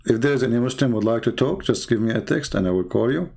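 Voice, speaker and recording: Tired gravelly man preaching late at night. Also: medium pitch, expressive, fast, darkish tone. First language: Arabic. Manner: emphatic, preachy, non-native grammar. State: tired, voice strained. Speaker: online debate show host. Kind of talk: late-night livestream talk.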